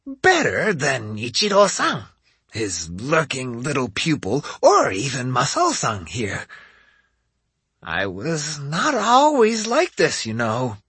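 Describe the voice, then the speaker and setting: A man voicing a vain, teasing old noblewoman with a raspy voice in an audiobook. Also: medium pitch, wildly swooping pitch, takes it slowly, pushed and bright, no room sound, voice pushed up, full character voice. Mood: sly. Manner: sly, teasing, imperious. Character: old woman lady, sly, teasing, vain, drinks and smokes. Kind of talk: audiobook character voice.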